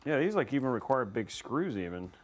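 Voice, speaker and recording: Playful, lively man streaming a PC build. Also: medium pitch, fairly quick, faint music behind. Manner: playful, rambling, teasing the chat. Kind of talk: live-stream build commentary.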